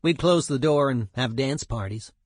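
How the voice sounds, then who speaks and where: A man's voice: mid-range voice, normal speed, no echo, clean studio sound, natural voice. A man reading as a reminiscing woman punk singer. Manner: reflective, plain recollection.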